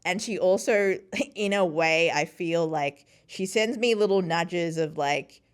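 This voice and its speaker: A woman in her thirties, a podcast guest, chatting and telling stories in an animated way, acting out what people said and laughing often. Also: lowish voice, takes it slowly, few pauses, clean tone. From Sri Lankan family. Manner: animated, acts out quoted voices, laughs often. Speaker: podcast host and interview guest. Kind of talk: casual conversational storytelling.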